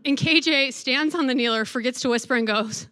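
A woman, a religious sister, giving a faith talk to students. She reads scripture slowly and reverently and tells stories playfully. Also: high-pitched, pushed and bright, smooth, no echo.

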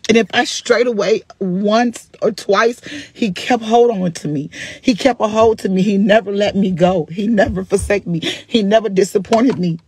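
A husky-voiced grandmother gives a fervent, preacherly testimony into her phone, laughing and crying at the same time. The sound is close and dry, with no room around her. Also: mid-range voice, normal speed, a little mellow, dry recording. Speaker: vlogger. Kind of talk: emotional testimony to followers.

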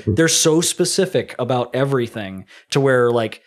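A man guest on a podcast, telling stories in casual chat with animated delivery and playful put-on accents. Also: mid-range voice, normal speed. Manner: animated storytelling, puts on mock German voices.

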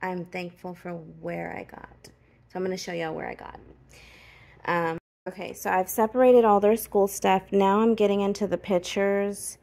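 A woman's voice: medium pitch, flat delivery, normal speed, gravelly, darkish tone. A woman, talking in a casual, heartfelt and emotional way as she films her own vlog, tired after a long day of work. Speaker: vlogger.

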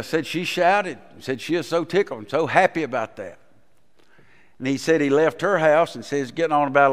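A man's voice: medium pitch, fairly bright tone, smooth. A man, a pastor preaching a sermon in a folksy storytelling manner and putting questions to the congregation. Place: church sanctuary. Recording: long reverb in a church sanctuary.

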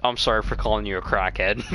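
A young man chatting excitedly and teasing his friends while playing a game over a headset, swearing often. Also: medium pitch. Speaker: gamer. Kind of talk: casual gameplay chat with friends.

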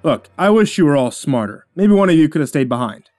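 Sarcastic, exasperated male engineer, a narrator puts him on, slightly raised pitch, storybook reading. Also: a little fast, no room sound, soft background music, close to an everyday voice. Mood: brusque. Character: sarcastic gruff male engineer, middle-aged.

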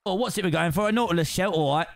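A man's voice: high voice, racing, vocal fry. A young man streaming a game, chatting playfully with friends and often laughing at their jokes. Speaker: streamer and host. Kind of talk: casual gaming chat.

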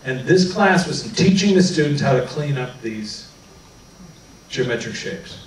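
In a meeting hall, a man speaks to an audience about his own experiences, unhurried and at a medium pitch. He tells animated personal anecdotes and acts out what people said, his voice sounding far off in the echoey room, with a little hiss or hum.

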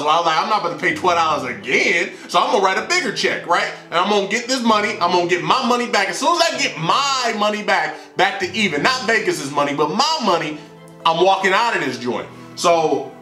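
A young man telling a storytime vlog in an animated, slangy way, recorded indoors in a roomy space with faint music. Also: high voice. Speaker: vlogger.

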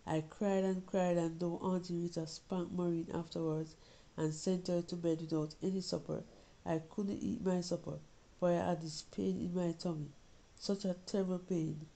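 A woman's voice: fairly low pitch, level tone, normal speed, creaky, mellow, rough recording. A woman reading a story as an anxious young Jamaican girl, confiding and pleading with her mother. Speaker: reader of a short story.

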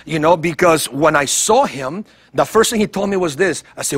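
A man giving a heartfelt, animated testimony as a guest in a TV interview, acting out other voices as he tells it. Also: on the high side, moderate pace, hardly any pauses, slightly rough. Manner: animated storytelling, acts out voices, repeats words. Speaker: guest evangelist.

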